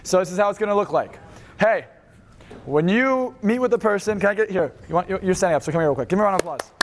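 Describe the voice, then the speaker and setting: Fast-talking, high-voiced male seminar speaker. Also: some chatter behind, a little hiss or hum. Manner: fast, energetic, swears freely. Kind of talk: live seminar instruction. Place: seminar room with an audience.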